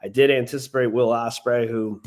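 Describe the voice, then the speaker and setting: A wrestling podcast's male co-host rambles through casual stories thick with fillers. His medium-pitched voice has a darkish tone, fairly even intonation and a slightly fast pace.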